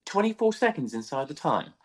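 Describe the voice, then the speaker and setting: A man's voice: a little high, big pitch swings, a little fast. Gushing, enthusiastic male podcast co-host. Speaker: podcast co-host, event rider. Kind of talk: casual chat.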